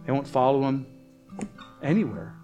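A man preaching a sermon, telling family stories in an animated way and pitching his voice up high when he quotes other people. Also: normal speed, highs cut off, soft background music. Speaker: pastor.

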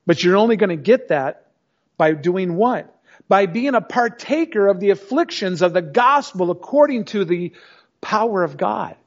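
A man's voice: fairly high pitch, a little mellow. A middle-aged man preaching a sermon, speaking emphatically and telling stories straight to the congregation. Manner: emphatic, storytelling, addresses the congregation directly. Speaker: pastor. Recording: dull lo-fi recording.

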